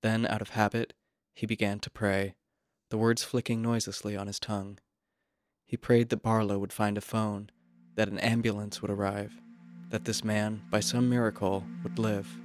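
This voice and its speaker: A man narrating a literary short story in a measured, quiet, even manner. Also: fairly low pitch, dry recording, studio quality, soft background music.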